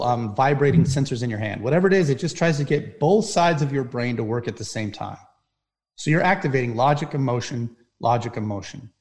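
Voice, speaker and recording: A middle-aged man talks as a firefighter sharing his stories. He keeps checking in with his listener, punctuating points with "right?". His voice sits at an ordinary middle pitch. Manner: animated storyteller, frequent "right?" tags. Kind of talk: storytelling talk.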